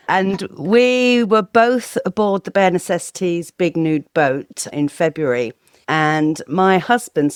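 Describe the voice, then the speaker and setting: A woman hosting an interview podcast, chatty and quick to laugh. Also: fairly low pitch, no room sound, clean studio sound. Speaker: podcast host.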